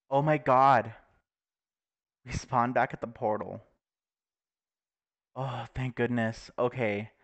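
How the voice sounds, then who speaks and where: A young man giving nervous, excitable commentary while playing a video game, often laughing and exclaiming. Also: medium pitch, takes it slowly, pauses often. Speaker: gaming YouTuber. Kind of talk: Let's Play commentary.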